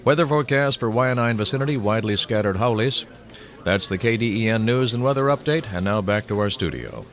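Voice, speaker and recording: A man reading a parody news bulletin in a deadpan newsreader voice. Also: fairly low pitch, fairly quick, faint music behind.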